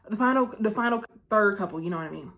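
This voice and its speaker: A woman's voice: mid-range voice, animated, a bit bright. Chatty woman recapping a movie. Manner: chatty storyteller, keeps checking in with "okay?"; breezy and playful, with asides and quick self-corrections. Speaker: vlog host. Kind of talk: casual chat movie recap.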